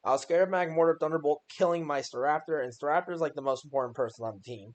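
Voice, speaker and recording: A man's voice: on the high side, rapid-fire. A young man giving a casual voice-over on his own game run, joking and exasperated at his own plays. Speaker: gaming YouTuber.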